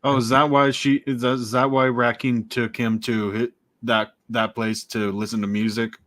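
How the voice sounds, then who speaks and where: A man's voice: medium pitch, flat delivery, normal speed, a bit bright, dry recording. A man calling into a live stream, asking brief curious questions in casual chat. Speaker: viewer calling in.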